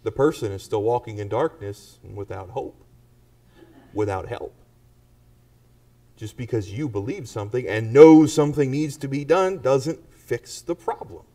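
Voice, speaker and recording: A man's voice: medium pitch, measured pace, mellow, recorded from a distance. A man preaching a sermon to a congregation and pressing them with pointed rhetorical questions. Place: church.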